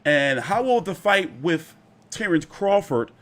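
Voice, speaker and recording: Chatty, cussing boxing-channel host. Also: male voice, a little high, big pitch swings, takes it slowly, a bit bright. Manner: loose and chatty, swears freely, lots of "like" and "you know". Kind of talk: casual fight commentary.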